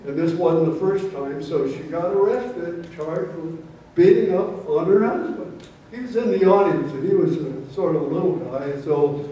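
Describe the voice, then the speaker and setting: A man telling folksy true stories at a live storytelling event, in a slow anecdotal manner, recorded from far off in a roomy hall. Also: fairly high pitch, warm tone, lo-fi sound. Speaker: storyteller, former prosecutor.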